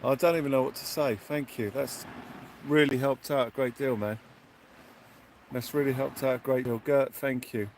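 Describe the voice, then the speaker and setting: A man hosting a casual fishing livestream outdoors at night, excitedly thanking viewers. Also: medium pitch, normal speed, slight background noise. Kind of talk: casual live chat.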